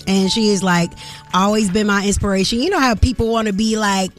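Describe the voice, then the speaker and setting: A woman's voice: medium pitch, steady tone, fairly quick, faint music behind. A woman co-hosting a morning radio show, sassy and playful with the others. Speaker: radio co-host.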